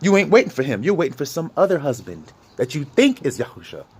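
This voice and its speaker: A man delivers an informal sermon, talking to his listeners more than lecturing them. His voice sits a little high for a man and swings widely in pitch as he presses rhetorical questions. A faint hiss of noise runs underneath. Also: fast talker. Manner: animated, conversational preaching with rhetorical questions. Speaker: preacher.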